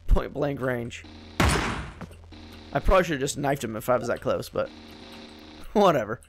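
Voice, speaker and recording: A man's voice: medium pitch, animated, unhurried, long pauses, background noise. A man giving let's play commentary, swearing and yelping in frustration as he plays. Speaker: gameplay commentator.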